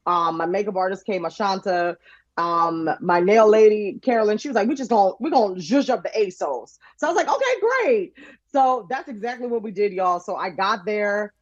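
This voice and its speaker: A woman guest on a podcast, telling an animated story with lots of laughter and voices for the people she quotes. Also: medium pitch, a little fast, no room sound, muffled recording. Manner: lively, laughing, acts out quotes in shifting voices.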